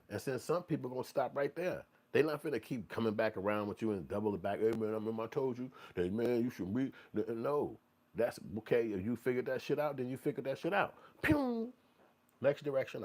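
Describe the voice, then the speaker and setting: A man's voice: lowish voice, slightly rough. A man hosting a commentary show, ranting bluntly and profanely and mocking people in put-on voices. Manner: blunt, animated, swings into mocking quoted voices.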